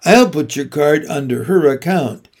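A man's voice: fairly high pitch, expressive, measured pace, darkish tone. A man reading aloud, voicing a grumpy, curt male librarian in a storybook. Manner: curt, grudging. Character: grumpy gruff male small-town librarian.

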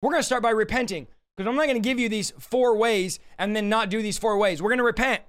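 Hoarse guy preaching on a stream, really high voice but smooth, pushing hard and repeating himself. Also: quick pace, fairly bright tone. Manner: urgent, exhorting, repetitive. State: hoarse, scratchy throat. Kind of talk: livestreamed sermon and prayer.

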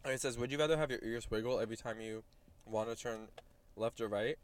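A man chatting casually with a friend in a parked car, animated and quick to laugh, swearing now and then. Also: medium pitch. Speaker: podcast co-host.

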